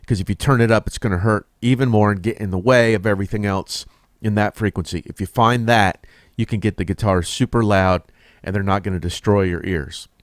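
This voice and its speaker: A man, a mixing engineer, explaining his process in a relaxed, casual tutorial, correcting himself as he works. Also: fairly low pitch, a little fast, dry recording, studio quality. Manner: relaxed, explains while working, with fillers and self-corrections.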